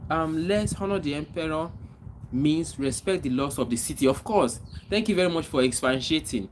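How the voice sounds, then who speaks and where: Male streamer, casual chat with viewers, mid-range voice, faint background noise. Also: mid-range voice. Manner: reads out viewer comments and greets them by name; animated greetings, then slower reflective talk. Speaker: livestream host.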